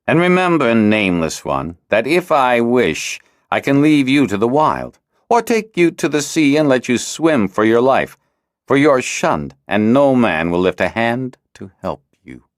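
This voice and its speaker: A man's voice: medium pitch, big pitch swings, measured pace, no room sound, clean studio sound, pitched above the performer's own voice. A man voicing a haughty, suspicious male dragonrider leader in an audiobook, who talks in a commanding, scornful way. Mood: threatening.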